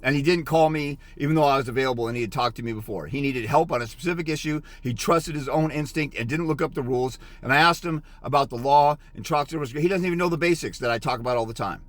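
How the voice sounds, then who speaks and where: A man's voice: medium pitch, fast talker, hardly any pauses, no room sound. A middle-aged man giving a blunt, scolding motivational rant as a fathers' rights consultant, lecturing harshly.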